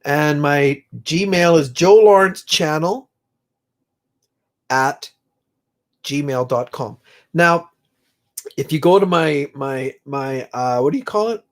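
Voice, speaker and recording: A middle-aged man hosting a casual livestream, chatting with viewers in a rambling, heartfelt way and reading their comments. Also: fairly high pitch. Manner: slow, rambling, emotional, prays aloud with viewers. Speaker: livestream host.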